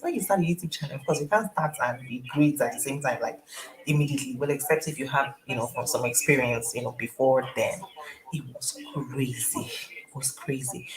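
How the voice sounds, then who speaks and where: A woman's voice: low voice, low-quality recording. A young woman chatting on a live stream from home at night, greeting viewers by name in a casual way. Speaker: YouTuber hosting a live stream. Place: home at night, family watching a movie nearby. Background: movie sound and music.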